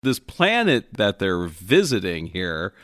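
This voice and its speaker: A man co-hosting a podcast in a casual comedic chat, animated and exaggerated. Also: low voice, takes it slowly, no echo, clean studio sound. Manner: animated, exaggerated, slips into silly voices. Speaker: podcast co-host.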